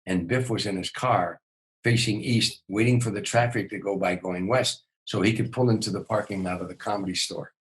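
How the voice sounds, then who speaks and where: An older comedian tells stories as a guest on a podcast interview, animated and often repeating words as he starts a sentence. His voice is lowish and his pace moderate, but the audio is poor.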